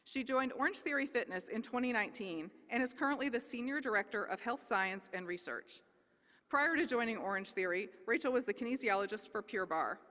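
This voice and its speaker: Woman dean, bright and crisp voice, formal introduction, lots of hall reverb. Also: fairly high pitch, expressive, a little fast. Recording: long reverb of a large hall.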